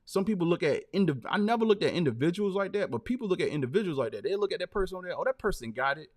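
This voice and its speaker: A man's voice: high-pitched, expressive, very fast, a little mellow. A man hosting a live stream, telling stories loosely and dropping "man" and "like" between phrases. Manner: loose, storytelling, lots of fillers like "man". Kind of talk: casual live-stream chat.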